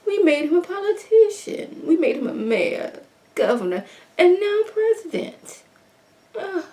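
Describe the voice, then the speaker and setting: Woman doing a bougie older mother, imperious, hushed and breathy, higher pitched, drawn-out disapproving murmurs. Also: big pitch swings, recorded from a distance, full character voice. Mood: disdainful.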